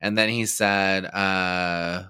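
A man's voice: deep voice, fairly even intonation, extremely slow, bright, forceful tone, clear, resonant tone. A man co-hosting a podcast, sarcastic and often laughing as he reads out quotes in casual banter. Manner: sarcastic, laughs while reading quotes aloud. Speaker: podcast co-host.

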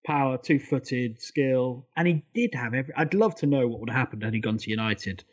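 A man co-hosting a casual football podcast, talking quickly and eagerly through detailed points. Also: medium pitch, husky, highs cut off. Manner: fast, enthusiastic, detailed storytelling. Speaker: podcast co-host.

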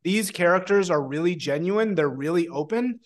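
A man's voice: high-pitched, moderate pace. A man guesting on a podcast as a film analyst, talking animatedly, filling his speech with "like" and casual swearing. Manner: animated, swears often, lots of "like". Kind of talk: casual conversational podcast chat.

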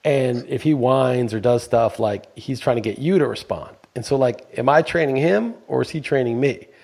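A man's voice: medium pitch, moderate pace, creaky, darkish tone, breathy edge. A man co-hosting a casual podcast chat, blunt and profane, working himself into heated rants. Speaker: podcast co-host.

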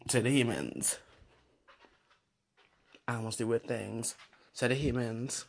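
A woman with a gravelly, husky voice rambles through a story to camera. She is blunt and sassy, jumping from loud, animated outbursts to quiet, almost whispered asides. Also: rumbling low, slow. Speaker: vlogger.

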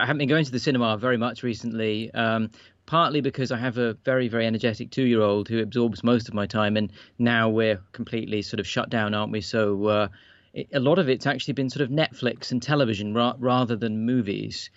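Measured man on a dull dry line. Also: medium pitch, fairly even intonation, no room sound. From United Kingdom. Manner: measured and polite, many ums and uhs. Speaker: podcast guest. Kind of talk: casual podcast chat.

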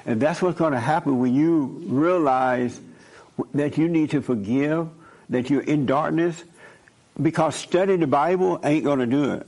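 A man with a fairly high, darkish voice hosts a call-in talk show at a normal speed, preaching emphatically and repeating his points. He chuckles while telling stories.

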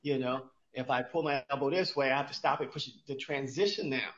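A man of medium pitch, speaking a little fast in a bit bright voice, co-hosts a podcast as an exercise expert. His casual explanation of exercise is full of restarts and rhetorical questions aimed at himself, heard through a roomy, dull, lo-fi recording.

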